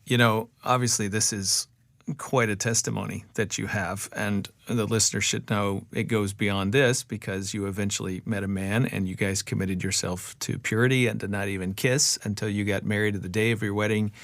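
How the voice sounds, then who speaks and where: Podcast host: middle-aged man with a low, gravelly voice asking calm, thoughtful questions; dry close-mic sound. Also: dry recording. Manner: measured, reflective questioner. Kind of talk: interview.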